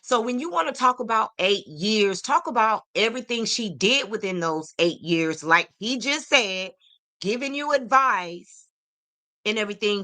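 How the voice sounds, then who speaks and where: A woman's voice: medium pitch, pushed and bright. A woman hosting a celebrity gossip podcast, sassy and opinionated, talking straight to her viewers. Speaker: podcast host.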